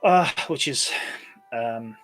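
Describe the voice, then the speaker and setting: A man's voice: mid-range voice, takes it slowly, fairly bright tone, soft background music. A man, co-hosting a podcast and telling a rambling story full of fillers. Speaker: podcast co-host. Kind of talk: casual chat.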